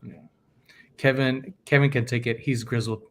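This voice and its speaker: A man's voice: medium pitch, normal speed, a little hiss or hum. A man hosting a podcast, chatting casually and acting out the people in his stories. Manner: animated storyteller acting out quoted people. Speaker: podcast host. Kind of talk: casual chat.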